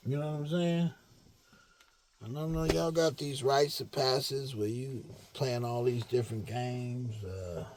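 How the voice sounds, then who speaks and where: A man giving a preachy monologue to his followers, animated and full of slang, swinging from shouts to low mutters. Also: a little hiss or hum. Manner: streetwise slang with cursing. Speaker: online speaker addressing followers.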